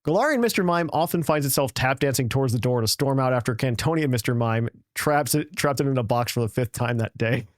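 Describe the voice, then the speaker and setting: A man's voice: mid-range voice, expressive, fairly quick, few pauses, no room sound, clean studio sound. A man hosting a casual podcast, reading a listener's email aloud in a playful, jokey way and tripping over words now and then.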